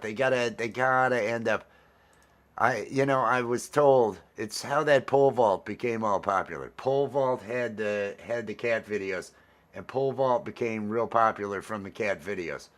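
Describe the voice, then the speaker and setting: A man's voice: medium pitch, fairly bright tone. Rambling upbeat male vlog host. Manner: rambling, repeats phrases, upbeat. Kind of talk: casual livestream chat.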